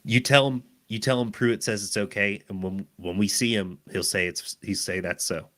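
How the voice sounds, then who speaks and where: A man's voice: lowish voice, fairly even intonation, moderate pace, fairly bright tone. A man playing in a tabletop game, joking and reacting to dice rolls. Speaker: player. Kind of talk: casual tabletop game chat.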